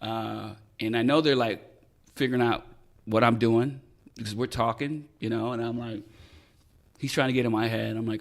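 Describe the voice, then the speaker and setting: Here a middle-aged man's gravelly, medium-pitched voice moves at normal speed. A retired police detective appearing as a podcast guest, he tells his story casually and with plenty of swearing, acting out the dialogue in animated fashion.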